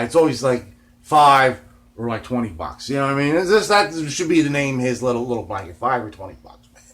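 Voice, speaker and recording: A man telling a long story in a laid-back, rambling way. He swears freely, fills every line with "man" and "you know what I mean", and swings between loud and hushed. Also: medium pitch. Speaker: guitar vlogger.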